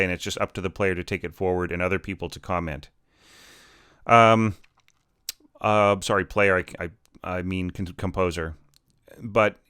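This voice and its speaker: A man's voice: lowish voice, sharp tone, clean tone, no echo, clean studio sound. A man giving a casual, rambling critique of orchestral scores as a teacher, full of fillers and restarts.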